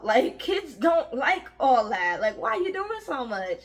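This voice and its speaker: A young woman casually telling a story from her job, animated and frank, acting out the voices of the people in it. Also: high-pitched, measured pace. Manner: frank, uses slang and swearing. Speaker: vlogger telling a work story.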